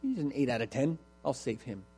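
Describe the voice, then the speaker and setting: A man's voice: mid-range voice, very animated, fairly quick, mellow, slightly rough. A man voicing an imagined God who offhandedly rates a person. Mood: offhand. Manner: offhand, appraising. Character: God imagined as a casual judge.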